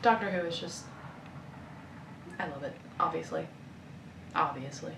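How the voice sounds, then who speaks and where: Animated young woman ranting about books. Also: sits low, unhurried, creaky. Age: 20s. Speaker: book vlogger. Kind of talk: casual vlog rant. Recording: echoey room, faint noise.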